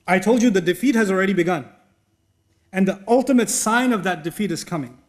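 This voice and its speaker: A man's voice: high voice, fairly quick. A man giving a sermon lecture, retelling a story animatedly with rhetorical questions. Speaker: Islamic speaker.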